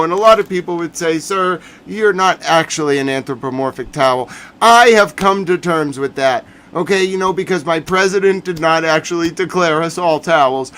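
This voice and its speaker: An excitable man from the United States hosts a comedic news livestream in a notably high voice. He rants, laughs often and drops into mock-serious reporting. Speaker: livestream news recap host.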